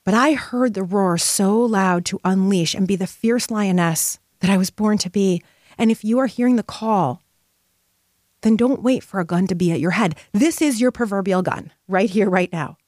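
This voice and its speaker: A woman's voice: medium pitch, moderate pace, darkish tone, no echo, studio quality. A middle-aged woman hosting a motivational podcast, speaking in an impassioned, emphatic, spiritual way. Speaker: podcast host.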